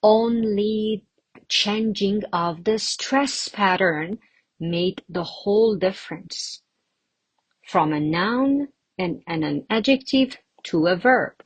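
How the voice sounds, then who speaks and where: A woman teaching an English pronunciation lesson, slow and patient, explaining with examples and pauses. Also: mid-range voice, breathy edge, no room sound.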